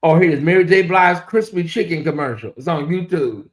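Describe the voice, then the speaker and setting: A man's voice: on the high side, moderate pace. A man hosting a casual livestream, chatting straight to his viewers, reading comments aloud and slipping into mocking voices. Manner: animated and chatty, slips into mocking put-on voices; talks straight to viewers and reads chat aloud. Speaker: host.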